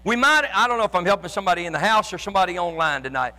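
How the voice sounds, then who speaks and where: A male pastor preaching a sermon to his congregation in a church. He talks with fervor, often shouts, and stumbles into repeated restarts. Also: sits high, lively intonation, very fast, big-room sound. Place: church sanctuary with live and online congregation.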